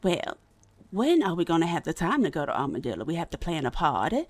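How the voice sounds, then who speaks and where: A woman's voice: low-pitched, huge pitch swings, fast. A woman streamer chatting in character in a roleplay game, folksy and talkative, calling people honey and darling. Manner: folksy, chatty, calls others honey and darling, laughs often. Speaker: roleplay streamer playing a saloon hostess type.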